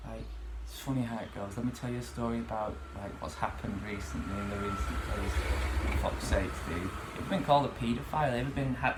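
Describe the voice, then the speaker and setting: A man in a casual vlog monologue, rambling through fillers and swearing freely as he vents. His voice sits at an ordinary middle pitch and bounces around a bare, echoey bedroom. A faint hum of room noise runs underneath. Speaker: vlogger.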